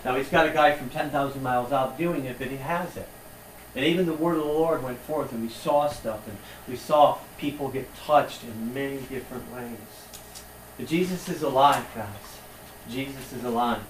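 A man preaching a sermon with passion, swinging between quiet reflection and emphatic, rising peaks. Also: medium pitch, normal speed, a little hiss or hum. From United States. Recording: echoey room from far off.

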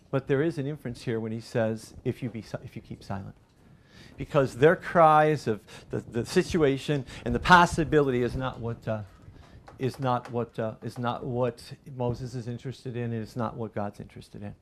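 A middle-aged man preaching a sermon as pastor, rising loud and animated through lists and quoted cries. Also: medium pitch, moderate pace, slight background noise.

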